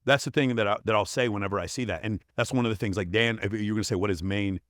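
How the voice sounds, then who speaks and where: Blunt, profane man with a low voice. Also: racing, a bit bright, dry recording, studio quality. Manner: blunt, profane, emphatic storytelling. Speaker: performance coach, podcast guest. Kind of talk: casual interview chat.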